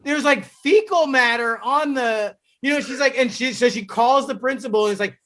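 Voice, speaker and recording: A man with a noticeably high speaking voice tells a story in a loose, casual way. He swears freely and breaks into laughter mid-sentence. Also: normal speed, a bit bright. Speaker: guest.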